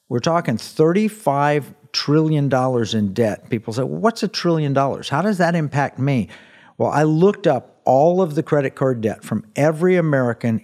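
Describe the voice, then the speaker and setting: A man's voice: mid-range voice, a little mellow. Male radio host, earnest explainer, restarts often, mid-range voice. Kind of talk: talk radio discussion.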